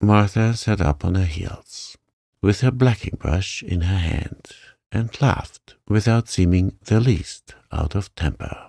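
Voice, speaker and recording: Deep, slow, gravelly sleep-story narrator. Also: male voice, no echo, clean studio sound. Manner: gentle, soothing reading.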